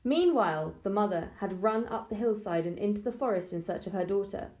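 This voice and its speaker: A woman, an early-years teacher, reading a storybook aloud to young children slowly and expressively. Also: medium pitch. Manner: slow, expressive and clear.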